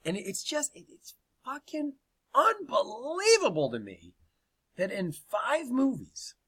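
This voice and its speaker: A man's voice: very high voice, huge pitch swings, slow pace, a bit bright, slightly rough. A man hosting a comedy podcast, telling a crude story with plenty of swearing and laughter.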